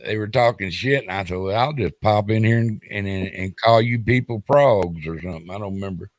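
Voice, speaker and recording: A man's voice: fairly low pitch, brisk, no echo. A man joking around as a guest on a casual livestream chat. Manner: joking, teasing.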